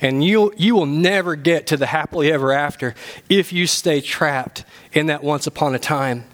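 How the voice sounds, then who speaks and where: A man with a notably high voice preaches a sermon to his church. His delivery is animated and humorous, and he climbs to emphatic points. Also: normal speed. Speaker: pastor.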